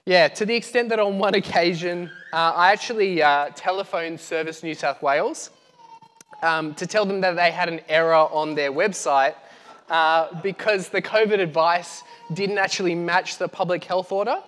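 Higher-voiced male preacher, chatty and joking, on a lapel mic in a reverberant hall. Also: normal speed, a bit bright. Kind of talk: casual sermon. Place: church hall.

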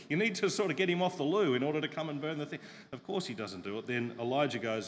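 A male pastor preaching a sermon, retelling a story with lively humor and asking the congregation questions. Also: mid-range voice, a little fast, long reverb tail, a little hiss or hum.

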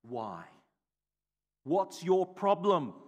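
A man acting out a rude, indignant male parking attendant who shouts back at him, in an echoey hall. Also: very high-pitched, very animated, extremely slow, pitched above the performer's own voice, full character voice.

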